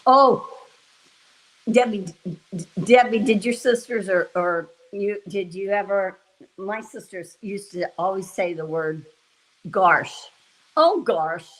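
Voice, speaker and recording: A woman hosting a live stream talks with viewers in an unhurried, easygoing way while she cooks. Her chat rambles and she often laughs. Her pitch sits in an ordinary middle range. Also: low-quality recording. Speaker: livestream host.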